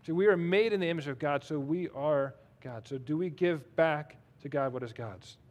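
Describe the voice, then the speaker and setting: A man's voice: a little high, moderate pace, darkish tone. Man preaching a casual sermon. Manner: conversational, self-deprecating preaching with reading aloud of scripture. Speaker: pastor.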